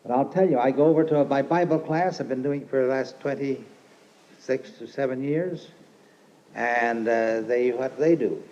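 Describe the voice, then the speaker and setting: An older man preaching an informal, rambling sermon, folksy and emphatic, who turns forceful when he quotes scripture. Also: mid-range voice, moderate pace. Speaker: lay preacher and teacher. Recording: dull lo-fi archive recording with faint hiss.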